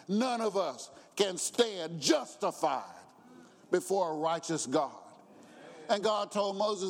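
A man's voice: sits high, animated, a little slow. Brief: tenor-range male pastor, impassioned church sermon, hall reverb. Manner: rising to shouted preaching, acts out quotes, chuckles. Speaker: preacher.

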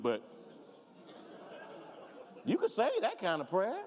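High-voiced pastor preaching in an echoing hall. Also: male voice, sing-song, a little slow, long pauses. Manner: preaching with rising fervor, voicing imagined congregants and prayers. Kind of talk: sermon. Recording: reverberant hall.

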